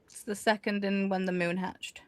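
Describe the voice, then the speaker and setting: A chatty woman with a mid-range voice joins a casual livestream. She adds quick joking asides and laughs often, recorded dry and close. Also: medium pitch, flat delivery, dry recording.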